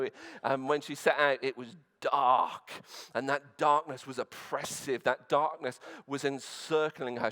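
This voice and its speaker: A man's voice: medium pitch, a bit bright. A male pastor preaching a sermon in church, retelling a scripture story earnestly with frequent restarts and fillers.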